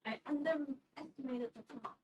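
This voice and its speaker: A woman's voice: high voice, normal speed, a little mellow, dull audio. A woman streaming while she bakes in her kitchen, chatting casually and rambling, with plenty of swearing. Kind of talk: casual livestream chat while baking. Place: home kitchen. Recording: distant mic with faint background noise.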